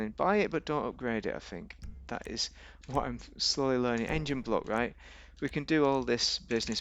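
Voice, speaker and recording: A gaming video host with a gravelly, fry-tinged, slightly bright voice talks his way through a game in loose, chatty commentary. He rambles, cracks jokes and argues with himself, his pitch bouncing up and down mid-sentence.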